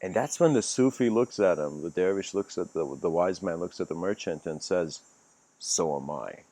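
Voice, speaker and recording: A man's voice: low-pitched, moderate pace, warm tone. A man giving a casual livestreamed spiritual lecture, telling a story in a rambling way with many fillers and restarts. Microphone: home livestream mic.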